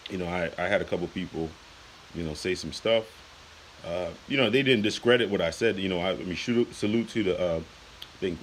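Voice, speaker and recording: A man's voice: lowish voice, fairly bright tone, slight background noise, low-quality recording. A man in his late thirties ranting on a casual vlog, heated and repetitive, with lots of "you know" and "man.". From United States. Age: 30s. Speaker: YouTuber.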